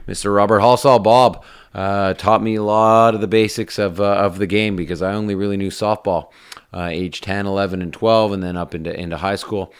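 Canadian guy hosting college radio, chatty and rambly, kinda low smooth voice. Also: steady tone, a little fast. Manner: rambling, upbeat, with many fillers. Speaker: radio host. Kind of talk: casual radio show chat.

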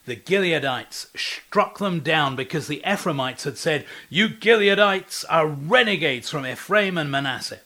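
A man's voice: a little high, expressive, unhurried, few pauses, bright, forceful tone. Man preaching with rhetorical questions. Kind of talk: devotional talk.

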